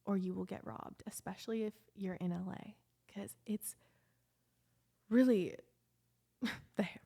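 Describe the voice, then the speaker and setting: A woman's voice: mid-range voice, normal speed, creaky, warm tone. A young woman vlogging in a casual confessional chat, emotional and rambling, full of "like" fillers.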